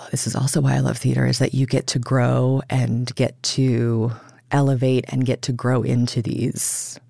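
A woman stage actor talking warmly and effusively in a radio interview, with plenty of fillers. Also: rumbling low, flat delivery, measured pace, vocal fry, no room sound, studio quality. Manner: warm, effusive, many fillers. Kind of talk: casual radio interview chat.

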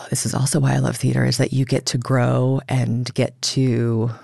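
A woman stage actor speaks in an animated, expressive way, slipping into little acted-out quotes. Her voice carries a gravelly edge, and the studio sound is dry and close. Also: rumbling low, a little slow, no echo. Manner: animated, laughing, acts out quotes. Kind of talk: radio interview conversation.

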